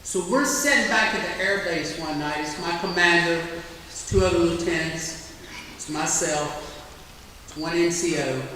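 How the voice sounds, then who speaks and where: A man's voice: fairly high pitch, bright, forceful tone, a little hiss or hum. A middle-aged man, a military veteran giving a plainspoken storytelling speech. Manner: plainspoken, anecdotal. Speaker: military veteran guest speaker. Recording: echoey hall from far off.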